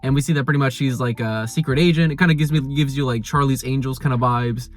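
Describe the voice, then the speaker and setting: Fast-talking young man reviewing anime. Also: mid-range voice, soft background music. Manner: rambling, lots of "like" and restarts; animated paraphrasing of characters. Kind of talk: casual episode review.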